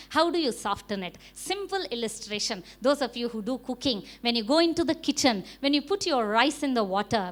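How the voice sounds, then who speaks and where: A woman pastor with an Indian English accent delivers a sermon, her voice high and bright. She preaches emphatically, firing rhetorical questions and pausing for "Amen". She sounds middle-aged.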